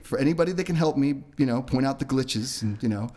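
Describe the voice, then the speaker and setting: A man's voice: mid-range voice, fast. A man co-hosting a podcast in casual chat, joking around and reading out listener comments. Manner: jokey, animated, reads listener comments. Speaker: podcast co-host.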